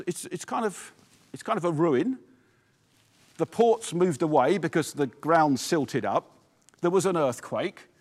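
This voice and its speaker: A man preaching a sermon as pastor, with emphatic, repetitive exhortations. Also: on the high side. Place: church. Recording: long reverb of a church hall.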